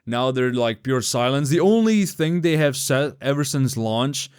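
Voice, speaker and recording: A man's voice: mid-range voice, expressive, unhurried, a little mellow, clean tone, no room sound, studio quality. A young man giving unscripted, rambling commentary, casual and profane, with many fillers and restarts. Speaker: YouTube commentator.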